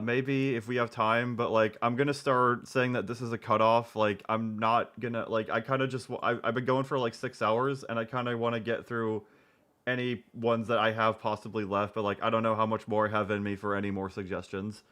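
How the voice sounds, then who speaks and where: A man's voice: medium pitch, fairly bright tone. A man in his twenties, casually commenting on a live stream, rambling and repeating himself. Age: 20s.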